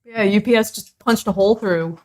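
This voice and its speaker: A woman's voice: mid-range voice, fairly quick, darkish tone. A woman co-hosting a casual livestream at home, playful and teasing, greeting chat viewers. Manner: playful, teasing, quotes movies. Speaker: livestream co-host.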